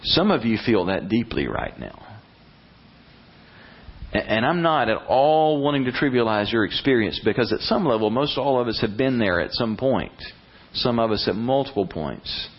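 A man preaching a sermon as pastor, animated and blunt, acting out prayers in a rising voice. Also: medium pitch, moderate pace, slightly rough, lo-fi sound.

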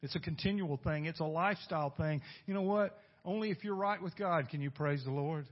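Husky preacher man, loud then hushed. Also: on the high side, fairly quick. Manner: emphatic preaching with sudden swings between loud and hushed; asks the congregation rhetorical questions. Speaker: pastor. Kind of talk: sermon. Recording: dull lo-fi recording.

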